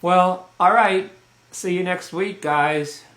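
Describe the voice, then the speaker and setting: A man's voice: high voice, slow, fairly bright tone, echoey room. A man co-hosting a casual live music stream, bantering in a bemused, rambling way. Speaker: co-host and musician.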